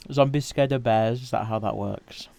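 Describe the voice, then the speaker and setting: A man's voice: medium pitch, slow, creaky, warm tone, dry recording. A man chatting casually with viewers on a livestream while he draws, in an easygoing, rambling way.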